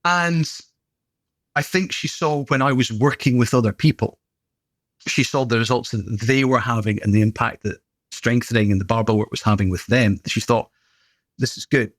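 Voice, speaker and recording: A middle-aged British gym owner, guesting on a podcast, tells stories in a chatty, good-humoured way during casual conversation. His voice is medium-pitched at a normal pace, with no echo.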